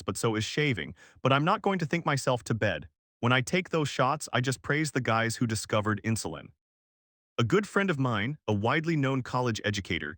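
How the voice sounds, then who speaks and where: A man's voice: medium pitch, a bit bright, no room sound, clean studio sound. Man reading a self-help audiobook. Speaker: audiobook narrator. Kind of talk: scripted audiobook narration.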